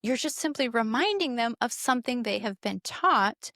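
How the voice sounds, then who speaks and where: A woman's voice: a little high, animated, normal speed, a bit bright, dry recording, clean studio sound. A middle-aged woman co-hosting a podcast, explaining parenting ideas earnestly in casual conversation. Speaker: podcast co-host.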